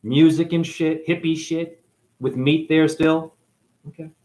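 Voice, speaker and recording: A man from New England giving a profane, sarcastic monologue to camera, swinging between loud outbursts and near-whispers. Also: a little high, steady tone, a little slow. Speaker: spiritual video host.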